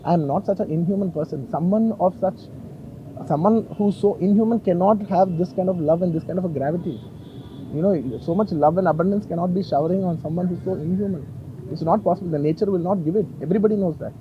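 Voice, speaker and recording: Earnest man at a press conference, emotional and insistent, rapid delivery, slightly higher voice. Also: lo-fi sound, slight background noise. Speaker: film actor at a press conference.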